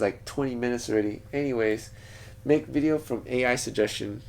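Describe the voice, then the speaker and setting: A man's voice: mid-range voice, fairly quick, gravelly. A man talking to camera in a casual, rambling vlog from a small home studio, thinking aloud and wandering off topic. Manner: digressive, thinks aloud with frequent restarts. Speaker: vlogger.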